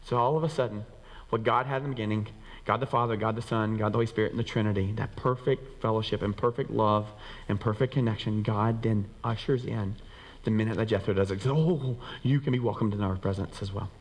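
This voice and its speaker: A pastor preaches a sermon to his congregation at a rapid clip, lively and acting out the voices of the people he quotes. He swings his pitch up and down for emphasis, and his voice carries the long reverb of a church sanctuary.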